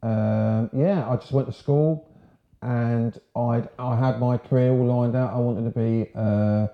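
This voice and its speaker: A man's voice: mid-range voice, fairly even intonation, measured pace, vocal fry. A man in his sixties from Sussex, England, a former marine telling his story in a casual, frank, rambling way. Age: 60s. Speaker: guest, ex-marine. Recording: roomy, dull lo-fi sound.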